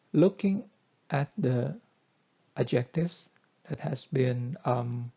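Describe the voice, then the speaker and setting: Male lecturer, slow deliberate coding tutorial, gravelly husky voice, dull lo-fi mic. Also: a little high, dark tone. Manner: slow, deliberate explaining with fillers. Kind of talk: screen-recorded coding tutorial.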